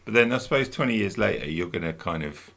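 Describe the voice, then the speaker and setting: Deep-voiced man, easygoing and teasing. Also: animated, quick pace, gravelly, fairly bright tone. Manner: easygoing, teasing, prompting questions. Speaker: podcast co-host asking questions. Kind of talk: casual chat.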